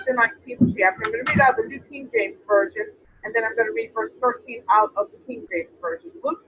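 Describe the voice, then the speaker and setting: A woman's voice: sits high, gravelly. A woman preaching a sermon, reading scripture aloud and asking the congregation questions. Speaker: apostle preaching. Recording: tinny phone-like sound with faint noise.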